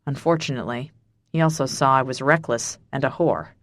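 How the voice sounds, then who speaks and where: A woman narrator voicing a brooding mafia boss with a low, gravelly voice, in an audiobook. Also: brisk, dry recording, clean studio sound, natural voice. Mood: bitter. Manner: quiet, clipped, bitter.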